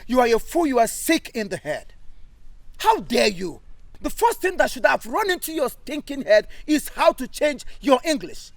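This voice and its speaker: A man's voice: very high-pitched, very animated, moderate pace, vocal fry, no echo, exaggerated voice. A man with a Nigerian accent playing a pompous, bossy self-styled British captain who scolds and barks commands in a comedy skit. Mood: scolding. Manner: barking commands, scolding, stammering.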